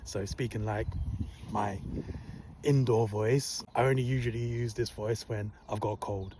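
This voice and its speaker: A man telling a personal story in a casual, soft and humble tone, calm and unhurried. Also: lowish voice, noisy background. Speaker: vlogger recounting a work story.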